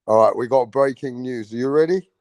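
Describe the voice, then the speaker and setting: A man hosting a casual live-stream about boxing, talking excitably and repeating himself with slang. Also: mid-range voice, fairly quick, no room sound, rough recording. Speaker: livestream boxing host.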